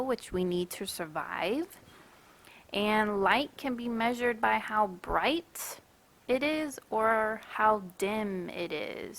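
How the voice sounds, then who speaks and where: A woman's voice: medium pitch, fairly bright tone. A woman science teacher running a playful classroom demonstration and explaining it step by step.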